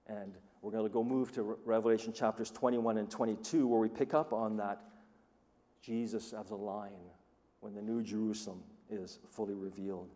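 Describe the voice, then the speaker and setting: A man preaching a sermon who tells stories with animated, acted-out quoted voices. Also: fairly low pitch, moderate pace, big-room sound. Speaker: pastor.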